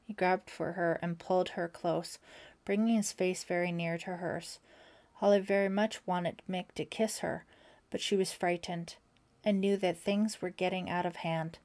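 A woman narrating an audiobook in a steady, expressive reading. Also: lowish voice, a little slow. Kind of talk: scripted narration.

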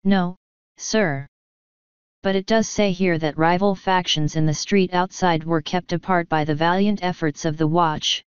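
A woman's voice: on the low side, steady tone, unhurried, smooth, no room sound, muffled recording, natural voice. A woman reading an audiobook, voicing a formal, unflappable male butler who politely says sir. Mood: deadpan. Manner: deferential, ends lines with sir.

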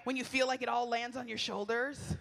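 A woman gives a conversational sermon at a women's retreat, chatty and expressive as she tells personal stories. Her tone is bright and forceful. The voice rings with long reverb from a large hall. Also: on the high side, a little fast, gravelly. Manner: animated, chatty, laughs often, acts out quoted lines. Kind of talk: storytelling sermon.

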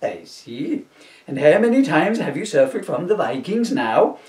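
A man voicing a slow, stolid, deadpan village policeman. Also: a little high, far from the mic. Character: plodding, polite male village constable. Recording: roomy echo, voice from off-mic.

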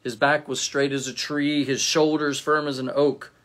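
A male pastor reading a story aloud as a devotion, in a gentle storytelling manner. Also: mid-range voice, little pitch movement, normal speed.

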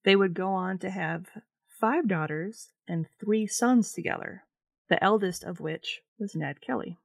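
A woman co-hosting a casual podcast, reading from her notes in a relaxed way. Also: mid-range voice, unhurried, gravelly, dry recording. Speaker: podcast co-host, researcher.

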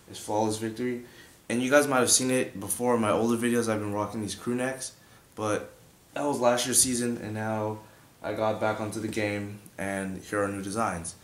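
In a laid-back video tutorial, a young man shows how to make beatbox sound effects, pausing his chat to demo the mouth sounds himself. His voice is lowish with a bit of brightness.

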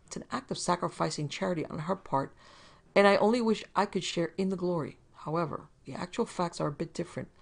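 A woman voicing a fussy, wheedling middle-aged man in a storybook reading, in a prim, high-pitched way. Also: fast talker, vocal fry.

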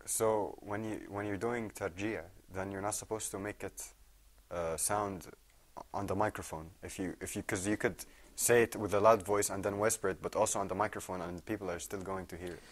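A man's voice: deep voice, fairly even intonation, fairly quick. A male student asking the teacher a hesitant question in class.

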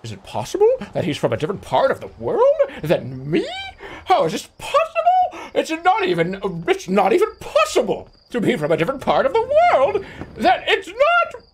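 A man putting on a shrill, outraged guy. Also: huge pitch swings, normal speed, a little hiss or hum, full character voice. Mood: mock outrage. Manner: shrill, incredulous, mock-outraged. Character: indignant adult man mocking an accent.

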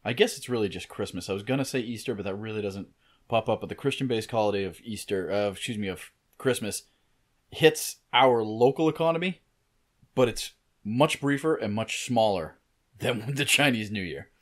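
A man's voice: lowish voice, expressive, moderate pace. A man co-hosting a podcast in casual chat, thinking aloud and rambling with lots of fillers. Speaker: podcast co-host.

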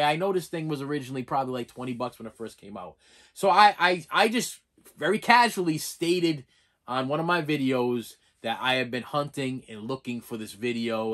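A man's voice: mid-range voice, a bit bright. Casting note: male vlogger, rambling casual rant, stammers and repeats himself, sincere and a bit emotional. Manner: rambling, repeats words, stumbles over names; sincere and emotional when thanking viewers. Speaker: channel host.

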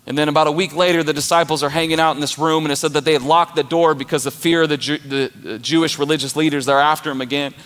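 A man's voice: on the high side, steady tone, quick pace, few pauses, a bit bright. A man preaching an emphatic, passionate sermon as pastor of his church. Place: church auditorium. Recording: long church reverb with music.

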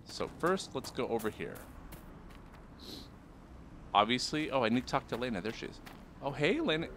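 While playing a video game, a man chats with his viewers, offering playful, jokey commentary. His medium-pitched, fairly bright voice is very animated and moves at normal speed, with a little hiss or hum in the recording.

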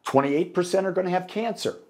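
A middle-aged American minister preaches a sermon in a church sanctuary, telling a story with animated delivery and acting out the dialogue. His voice is male, high-pitched, and a little fast.

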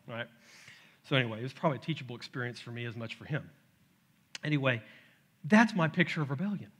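A middle-aged man preaching a sermon, telling a family story with lively acted-out voices. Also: mid-range voice, fast, breathy edge, lo-fi sound. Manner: animated storytelling, acts out his toddler's shouts. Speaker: pastor. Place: church sanctuary.

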